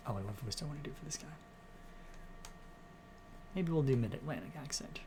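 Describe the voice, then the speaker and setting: Male let's-play host, low-key muttered commentary, game music behind. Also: lively intonation, a little fast, long pauses, slight background noise. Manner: quiet, offhand asides. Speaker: gameplay host.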